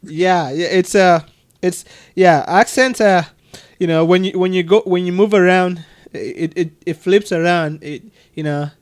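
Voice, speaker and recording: Male mentor with a light Cameroonian-Texan accent, pitched high, easy and chatty on a video call. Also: a little slow, clean tone. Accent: mix of Cameroonian and Texan English. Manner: chatty, laughs often, restarts sentences. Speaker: adoption agency mentor answering questions. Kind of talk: casual video call conversation.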